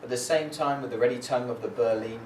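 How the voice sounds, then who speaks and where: Low-voiced guy reading poetry, steady and measured, roomy echo, faint hum behind. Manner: measured, with hesitant fillers in the introduction. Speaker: performing poet. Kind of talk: introducing and reading a poetry collaboration. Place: library reading room. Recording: echoey room, voice from far off.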